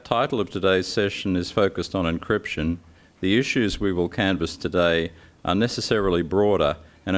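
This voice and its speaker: An older man giving formal, measured opening remarks before handing over to the moderator. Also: sits low. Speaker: panel organiser.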